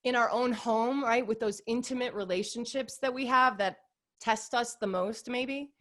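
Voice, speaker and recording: A woman's voice: a little high, moderate pace. A woman in her forties, a guest on an interview podcast, talking in a casual, upbeat and earnest way with lots of filler words. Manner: upbeat, warm, earnest with lots of "like" and "you guys".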